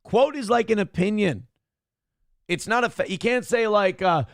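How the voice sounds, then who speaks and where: Man, host, gravelly voice, fairly high pitch, sarcastic, swearing, mocking commentary. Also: expressive, normal speed, dry recording, clean studio sound. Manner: sarcastic, ranting, swears freely. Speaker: show host reacting to clips.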